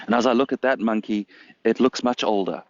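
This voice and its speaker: A man's voice: lowish voice, a little fast, no echo, muffled recording. A man, casually telling a funny story to camera, with amused, stumbling restarts. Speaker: storyteller and host.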